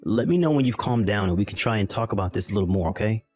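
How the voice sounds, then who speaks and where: A man's voice: on the low side, animated, quick pace, a little mellow, no echo, faint music behind. A man playing a callous, dismissive husband. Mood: impatient. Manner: dismissive, impatient. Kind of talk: voiced text-message drama.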